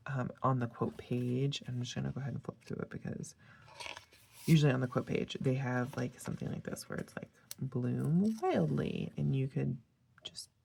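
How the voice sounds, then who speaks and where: Tired, chatty woman with a gravelly, low voice. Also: darkish tone. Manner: chatty, rambling with tangents and fillers. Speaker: planner sticker vlogger. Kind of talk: casual chat.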